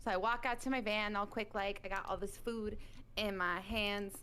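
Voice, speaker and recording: A woman in the military, telling a long, animated story in casual chat over online voice chat. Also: medium pitch, moderate pace, slight background noise. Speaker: military service member. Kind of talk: casual chat on a game stream.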